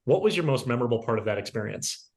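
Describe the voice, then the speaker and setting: Reflective podcast co-host summing up. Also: male voice, mid-range voice, very animated, quick pace. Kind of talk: casual podcast chat.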